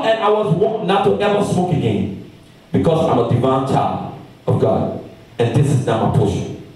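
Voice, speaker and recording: A man preaching a storytelling sermon, animated and calling out to his congregation from the pulpit. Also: mid-range voice. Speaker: pastor. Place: large church hall. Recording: echoey hall, mic far off.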